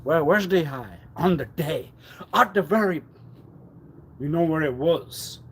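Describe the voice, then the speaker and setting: A man rambling on a live stream, repeating himself and swinging suddenly between loud and quiet. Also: on the high side, animated, measured pace, a little hiss or hum. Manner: erratic, repetitive, with sudden swings in loudness. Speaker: livestreamer.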